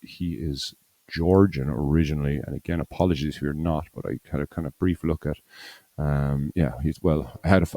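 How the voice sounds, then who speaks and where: A very deep-voiced man rambles casually on a podcast, circling back with fillers and self-corrections. His tone is mellow and low. The sound is close and dry. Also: dry recording. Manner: rambling, full of fillers and restarts. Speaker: podcast co-host. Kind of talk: casual chat.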